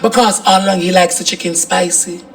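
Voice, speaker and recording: Male actor as a high-voiced, swearing Jamaican wife, emotional, comedy skit. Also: fairly even intonation, fairly quick, fairly bright tone. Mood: ranting. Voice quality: patois slang, swears often. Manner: emotional, swings from ranting to crying. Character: fed-up Jamaican wife, tearful and crude.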